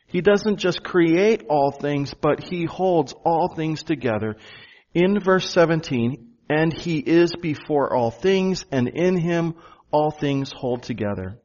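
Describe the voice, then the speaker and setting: A man preaching a sermon to his church, earnest, slowing down and stressing key phrases. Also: fairly high pitch, lively intonation, a little mellow, lo-fi sound. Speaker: pastor.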